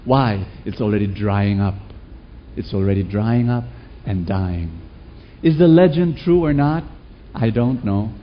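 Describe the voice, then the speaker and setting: A man preaching a sermon to a congregation, animated, with rhetorical questions and sudden shouts. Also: on the low side, a little slow, slight background noise. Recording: dull lo-fi recording.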